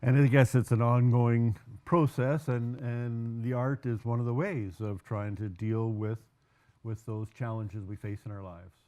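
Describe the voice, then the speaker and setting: A man hosting a community television interview, measured, summing up his guest's points. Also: medium pitch, steady tone, warm tone, lo-fi sound. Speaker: host.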